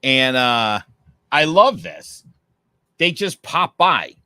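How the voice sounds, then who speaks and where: A man co-hosting a casual podcast, telling animated stories. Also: mid-range voice, slow, no echo. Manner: animated storyteller who acts out dialogue. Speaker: podcast co-host.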